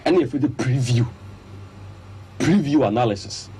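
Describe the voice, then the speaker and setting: In a radio studio broadcast, a man with a Ghanaian accent and an unhurried, husky mid-range voice gives animated sports analysis. He mixes Twi and English and emphatically lays out his points one by one.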